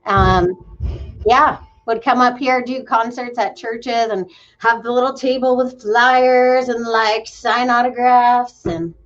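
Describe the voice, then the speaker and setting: A woman in her thirties from Maine, talking casually about her life as a fitness coach. She comes across bubbly and self-deprecating, with a fairly high voice. The recording sounds a bit dull and lo-fi. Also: steady tone, slow. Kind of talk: casual interview chat.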